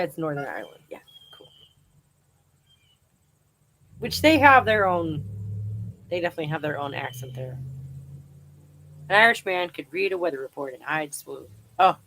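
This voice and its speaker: A woman's voice: fairly low pitch, expressive, moderate pace, pauses often, a bit bright, rough recording. A woman hosting a live chat outdoors, casually reading viewer comments aloud and laughing often.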